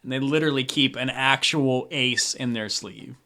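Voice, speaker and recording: A man's voice: mid-range voice, moderate pace, pushed and bright. A young man narrating as game master of a tabletop game, talking loosely with many fillers.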